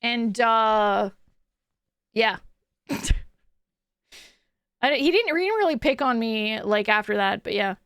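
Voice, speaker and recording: Young woman streamer yapping with chat, high voice, dry close sound. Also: animated, takes it slowly, pauses often, fairly bright tone, clean tone, no room sound. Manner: chatty, storytelling, reads chat aloud.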